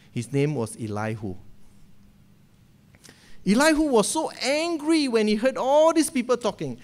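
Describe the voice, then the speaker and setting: Animated high-voiced preacher. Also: male voice. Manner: animated retelling with frequent "okay?" checks. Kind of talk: sermon. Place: church pulpit.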